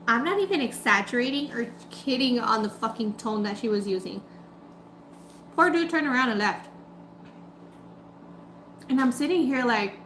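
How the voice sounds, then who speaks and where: A woman's voice: a little high, normal speed, pauses often, a little hiss or hum. Chatty woman telling a story in a roomy space. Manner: chatty, animated retelling with quoted voices. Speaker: food vlogger. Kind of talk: casual storytelling while eating.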